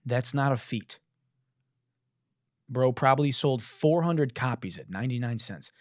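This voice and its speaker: A man's voice: medium pitch, measured pace, dry recording, studio quality. A man hosting a podcast, riffing sarcastically on a song, swearing and mocking. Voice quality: musician. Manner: sarcastic, swearing, animated mockery. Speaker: podcast host. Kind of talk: comedic commentary.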